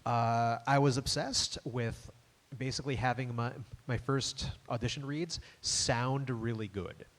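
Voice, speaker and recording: A man's voice: mid-range voice, measured pace. A man in a mid-range voice, speaking as a voice actor on a live panel. He explains things in a thoughtful, reflective way.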